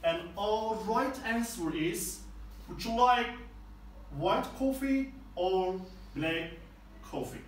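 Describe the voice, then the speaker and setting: A male teacher with a fairly high voice walks through each exercise slowly and patiently. He is recorded from a distance in a very echoey room. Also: expressive. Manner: slow, explains step by step. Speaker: English teacher. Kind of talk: classroom lesson explanation.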